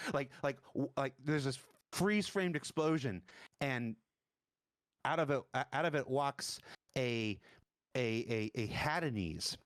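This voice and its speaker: A man narrating a tabletop game as dungeon master, halting and searching for words. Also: medium pitch, no echo, studio quality.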